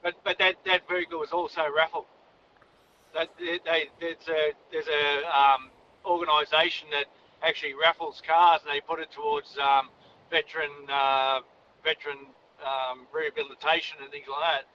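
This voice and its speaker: A man's voice: a little high, little pitch movement, moderate pace, bright, forceful tone, highs cut off, a little hiss or hum. A man with an Australian accent calling in to a talkback radio show, chatty and rambling, repeating himself as he goes. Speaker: caller. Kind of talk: talkback phone call.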